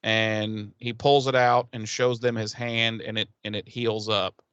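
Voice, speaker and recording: A man's voice: on the low side, flat delivery, unhurried, fairly bright tone, smooth, no echo, lo-fi sound. Profane rambling male podcast host. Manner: rambling, profane, laughing storyteller. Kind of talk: casual recap chat.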